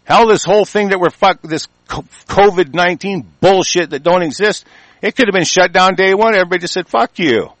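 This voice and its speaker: A man in a furious, swearing rant, his voice sitting a little high for a man. The sound is dry and close, with no room echo. He keeps breaking into louder, heated bursts. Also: a little fast. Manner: heated, profane, shouting bursts. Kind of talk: angry political rant.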